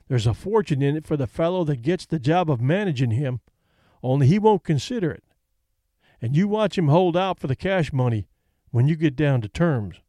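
Expressive male audiobook narrator. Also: fairly high pitch, no echo, studio quality. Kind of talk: scripted narration.

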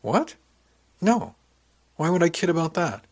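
A man voicing a young male crewman who is anxious, self-critical and quick to blurt things out. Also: medium pitch, a bit bright, no room sound, lightly acted. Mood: flustered.

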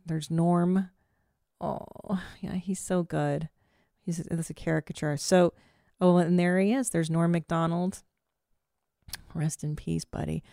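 A woman in her forties hosting a podcast, chatting casually and telling stories in a profane, self-mocking, animated way. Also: on the low side, vocal fry, no room sound, studio quality. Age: 40s. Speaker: podcast host. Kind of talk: casual solo chat.

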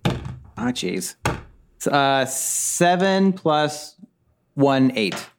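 A man's voice: on the high side, extremely slow, creaky, slight background noise. A man playing in a tabletop game, reacting and exclaiming. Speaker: player. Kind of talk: casual game chat.

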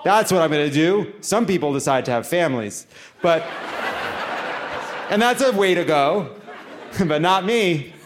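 Excitable high-voiced male podcast host. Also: unhurried, pauses often. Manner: excitable, swearing, bursts into shouts. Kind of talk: live podcast banter with audience. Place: live stage show in a theater. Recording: live venue recording with audience noise.

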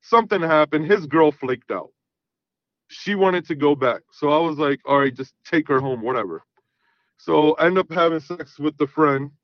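A man's voice: fairly high pitch, moderate pace, no echo, highs cut off. A man in his thirties calling in, telling a long story casually and rambling with fillers. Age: 30s. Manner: rambling, repeats fillers like "you know what I mean". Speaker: caller. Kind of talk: casual storytelling on a call-in show.

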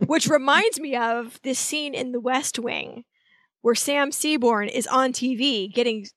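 A woman co-hosting a podcast, casually recapping a TV episode and acting out character lines with lively energy. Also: high-pitched, measured pace, dry recording. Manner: animated retelling, acts out character lines. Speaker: podcast co-host.

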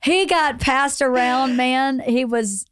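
A middle-aged woman with a Southern US accent hosting a podcast, hoarse from losing her voice, chatting and laughing often. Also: high-pitched, takes it slowly, dry recording, clean studio sound. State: hoarse, recovering lost voice. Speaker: podcast host. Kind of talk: casual chat.

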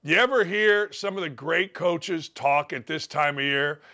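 An older man hosting a sports radio show, ranting bluntly and mockingly, his voice gravelly from days of yelling. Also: fairly high pitch, measured pace. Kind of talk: opinionated sports radio rant.

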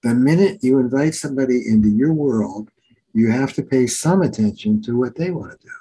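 A man's voice: medium pitch, a little fast, breathy edge, poor audio. A middle-aged man from New Jersey, a therapist telling stories in a conversational interview. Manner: animated storyteller, acts out quotes. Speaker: therapist and author.

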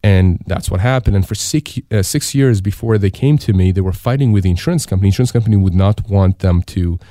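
With a deep, dark voice and a fast delivery, a middle-aged disability insurance lawyer from Canada gives pointed advice as a radio talk show guest. He drives points home by asking himself rhetorical questions again and again. The sound is studio quality with no echo.

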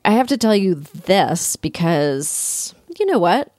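A woman in her thirties from Canada hosting a casual chat, animated, laughing often and swearing freely. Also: fairly low pitch, measured pace, few pauses, no echo. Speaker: talk show host.

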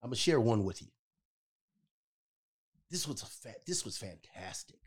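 A man's voice: on the low side, very animated, unhurried, slightly rough. Emphatic man telling a story. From California. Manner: emphatic, repeats "okay?" for emphasis. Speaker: podcast co-host. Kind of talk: casual storytelling chat.

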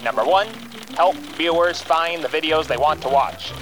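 A man putting on the voice of an old-timey male radio announcer, booming and drawn out. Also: normal speed, music in the background, natural voice. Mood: grandiose. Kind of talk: 1940s radio announcer reading.

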